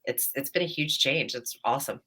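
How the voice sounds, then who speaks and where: A woman's voice: very deep voice, brisk, pushed and bright, a little hiss or hum. A woman guest talking casually on a radio show about training staff for ghost hunts, easygoing and chatty. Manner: chatty, easygoing, with many fillers and laughs.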